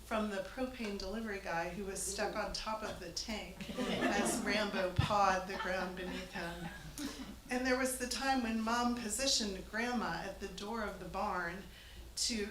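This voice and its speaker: In an echoey church hall with faint noise, a woman tells a funny family story to a live audience. She's chatty and amused, laughing between lines. Her mid-range voice is fairly bright and keeps a measured pace.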